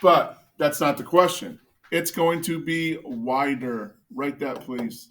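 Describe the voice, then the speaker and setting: A man teaching a math class, joking with students and quizzing them with quick questions. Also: fairly high pitch, a bit bright.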